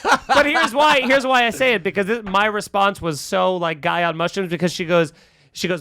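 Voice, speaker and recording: A man's voice: sits high, normal speed. A young man, a comedian hosting a podcast, telling a funny story and acting out the voices of the people in it. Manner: animated, acts out quoted voices.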